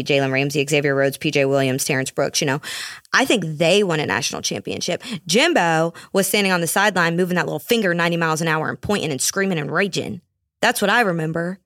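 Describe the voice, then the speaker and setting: Young woman host, low voice, dry close mic, sarcastic solo rant, casual. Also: dry recording. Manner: sarcastic, animated, mocking asides. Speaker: podcast host.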